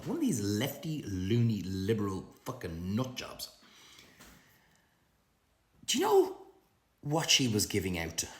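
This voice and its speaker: A middle-aged Irish man delivering a profane comic rant to camera, ranting in an animated, swearing way. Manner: profane, animated ranting with big pitch swings. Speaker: social media comedian. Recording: roomy echo.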